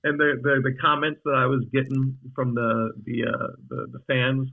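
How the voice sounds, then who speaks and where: A male actor guest telling stories in a casual interview, rambling and animated, with frequent restarts. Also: medium pitch, normal speed, vocal fry, phone-quality sound.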